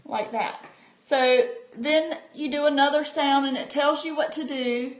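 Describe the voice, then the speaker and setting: A woman's voice: sits high, fairly even intonation, measured pace. A homeschooling mother demonstrating a reading book on a casual live stream, chatting and answering viewers' comments with plenty of fillers. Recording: echoey room with faint background noise.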